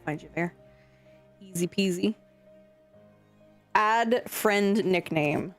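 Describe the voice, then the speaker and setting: A woman's voice: mid-range voice, takes it slowly. A young adult woman streamer chatting casually and scatteredly with her chat, swearing now and then. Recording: faint music behind.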